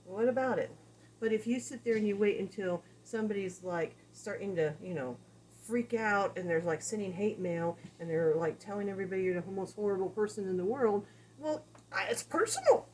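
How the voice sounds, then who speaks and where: Lady dog trainer talking it through casual-like, mid pitch, bit of faint noise behind. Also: a little fast, darkish tone, poor audio. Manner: casual, conversational, explains with examples and acted-out quotes. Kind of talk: instructional talk.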